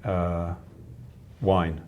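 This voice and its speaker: A British actor, a man, in a casual interview, speaking with a hesitant, halting manner and many fillers. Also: sits low, level tone, darkish tone, a little hiss or hum. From Britain. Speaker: actor receiving an award.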